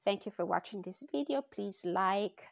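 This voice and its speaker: With a mid-range voice touched by vocal fry, this channel host does a casual tarot reading at a slow, thoughtful pace full of pauses and fillers. Clean studio sound, no echo.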